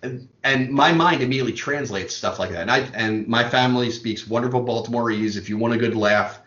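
A man from Maryland telling long stories in a casual chat, full of quick asides. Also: medium pitch, a bit bright. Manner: rambling storyteller, quick asides. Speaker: podcast co-host. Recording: roomy, dull lo-fi sound.

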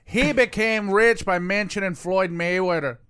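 A man co-hosting a casual sports podcast, blunt, profane and animated. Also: high voice, unhurried, clean tone. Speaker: podcast co-host.

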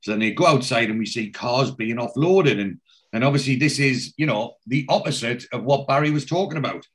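A man's voice: mid-range voice, fairly quick, fairly bright tone. A man hosting a podcast, casually recapping a TV episode in a rambling way, full of "you know" and restarts. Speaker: podcast host.

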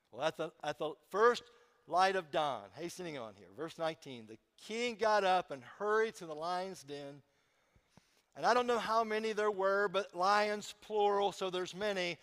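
A man's voice: high voice, fairly bright tone, big-room sound. A man preaching a sermon as pastor in a church, talking conversationally with emphatic bursts and questions to the congregation.

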